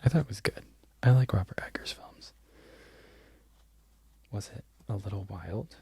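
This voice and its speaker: A man in a whispered ASMR ramble who loses his train of thought and laughs softly at himself. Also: on the low side, moderate pace, creaky, slightly rough, dry recording. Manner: mostly unvoiced whisper. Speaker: crochet content creator.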